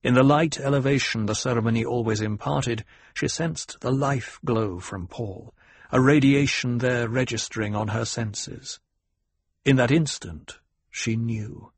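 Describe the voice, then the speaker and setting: A man giving a measured, even scripted audiobook narration on a close mic. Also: mid-range voice, slightly rough, no room sound.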